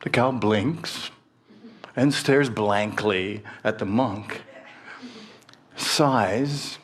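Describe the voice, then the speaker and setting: A man telling a story in a sermon, slow and pausing, voicing the characters as he goes. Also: fairly low pitch, breathy edge. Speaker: minister.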